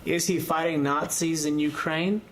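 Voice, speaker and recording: A man hosts a casual studio interview, slightly high-voiced and loosely conversational. He sits a little off the mic, with faint noise behind him. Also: fairly even intonation, moderate pace, distant mic, low-quality recording. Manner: loose and conversational, trailing off into fillers. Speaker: host.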